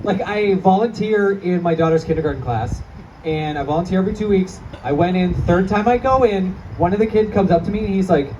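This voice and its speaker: A man's voice: high-pitched, animated, normal speed. A man in his thirties doing a profane, self-mocking stand-up set, laughing through his punchlines. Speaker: stand-up comedian. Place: comedy club before a live crowd. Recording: distant stage audio with crowd noise. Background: audience laughter and chatter.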